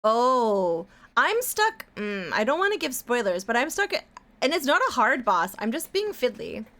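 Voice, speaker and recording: A woman's voice: a little high, big pitch swings, moderate pace, fairly bright tone. Chatty woman streamer rambling while drawing. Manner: rambling, chatty, swears casually, hums to herself. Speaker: live-stream artist.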